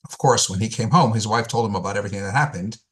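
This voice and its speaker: A male rabbi delivering a sermon, telling stories with emphatic repetition and deliberate pauses. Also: lowish voice, a bit bright.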